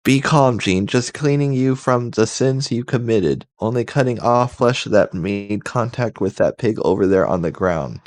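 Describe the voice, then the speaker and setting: A man's voice: on the low side, lively intonation, measured pace, hardly any pauses, a little mellow, dry recording, studio quality, voice pushed up. A man doing a snarling, jealous madman. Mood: menacing. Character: raging, jealous, unhinged man.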